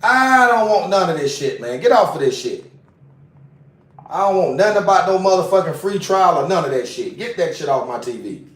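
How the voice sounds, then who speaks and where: A man's voice: high voice, very animated, normal speed, a bit bright, recorded from a distance. Agitated man ranting on a livestream. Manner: agitated, profane, repeats himself. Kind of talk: casual livestream rant. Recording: roomy sound, away from mic.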